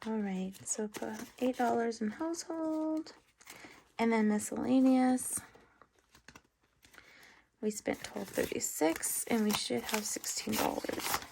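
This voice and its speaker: Raspy, apologetic woman counting cash at home. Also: fairly high pitch, slow, long pauses, a little mellow, a little hiss or hum. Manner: apologetic, rambling, counts money aloud. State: slightly out of breath. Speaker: budgeting channel host. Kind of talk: casual talk while counting cash. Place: home at night.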